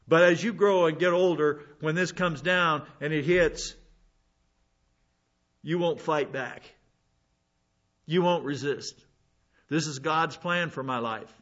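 A man preaches slowly in a slightly high voice with a fairly bright tone. He is a pastor giving a verse-by-verse Bible sermon, conversational, with folksy asides and frequent restarts. The recording has a dull lo-fi quality.

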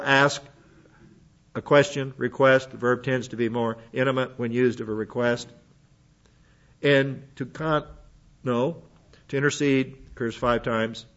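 A man's voice: mid-range voice, a bit bright, dull audio. A man teaching a Bible lesson in sermon style, working through word studies with frequent restarts. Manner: methodical, works through Greek word lists with restarts.

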